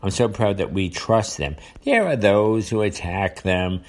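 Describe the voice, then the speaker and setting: A man's voice: lowish voice, animated, measured pace, a little mellow. Rambling older man with a New York accent. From United States. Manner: rambling, repetitive, with frequent fillers and restarts. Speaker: vlogger. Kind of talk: casual monologue to camera.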